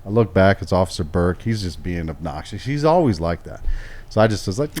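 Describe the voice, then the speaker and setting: A middle-aged man telling a story on a podcast in a casual, profane, animated way, acting out quoted lines. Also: low-pitched, a little fast.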